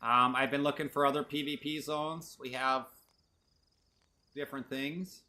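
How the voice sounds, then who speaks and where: A man's voice: mid-range voice, fairly even intonation, a little slow, sharp tone. A man streaming a video game, rambling playfully to his chat as he plays. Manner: rambling, playful, talks to chat while playing. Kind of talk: casual gameplay commentary.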